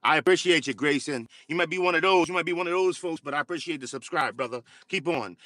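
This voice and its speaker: A man hosting a casual livestream, talking in halting starts with many fillers and repeated words. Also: fairly high pitch, pushed and bright, no echo, clean studio sound. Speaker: livestream host.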